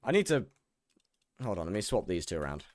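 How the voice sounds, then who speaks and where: A young man streams a game and answers his viewers in a wry, sarcastic tone. His voice swings up and down with lively inflection while he chats. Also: low voice, a little fast, no room sound. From England. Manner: banters with chat, wry and sarcastic. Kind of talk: casual chat with viewers while gaming.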